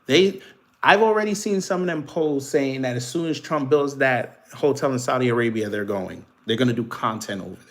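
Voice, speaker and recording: Speaking fairly quickly in a mid-range, slightly bright voice, a livestream host offers casual political commentary in an African American Vernacular English accent. He laughs as he mocks and trash-talks his commenters.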